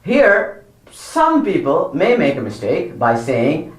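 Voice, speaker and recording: A man's voice: fairly high pitch, huge pitch swings, a little slow, a bit bright, echoey room. A man teaching children Quran pronunciation, drawing out each model word, repeating corrections and praising them. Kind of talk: slow, patient pronunciation lesson for children.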